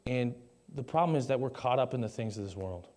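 A young pastor's brisk, warm, expressive voice at medium pitch carries his conversational sermon to a live congregation via a stage mic. He throws in jokes and poses questions to those listening.

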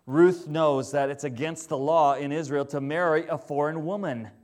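Pastor, male, conversational and animated sermon delivery, slightly higher voice. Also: moderate pace.

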